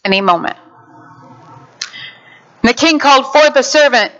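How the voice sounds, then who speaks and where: Woman preacher, high voice, animated storyteller who acts out the characters; muffled lo-fi sound. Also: moderate pace, long pauses. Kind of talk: sermon. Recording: dull lo-fi sound.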